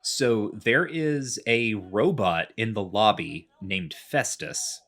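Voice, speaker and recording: Rambling lower-voiced man recapping a game. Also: lively intonation, slow pace, a bit bright. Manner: rambling, many fillers, chatty explaining. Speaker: podcast co-host. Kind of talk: casual chat recapping a video game.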